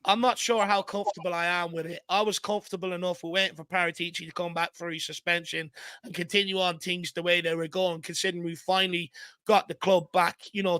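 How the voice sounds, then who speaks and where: An Irish man hosting a fan live stream in casual chat, shouting out viewers by name. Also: high-pitched, smooth, dry recording. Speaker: fan channel host.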